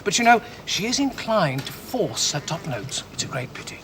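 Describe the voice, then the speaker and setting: A bright, brisk guest. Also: male voice, high voice, very animated. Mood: opinionated. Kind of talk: 1970s television drama acting. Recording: old television sound with faint hiss.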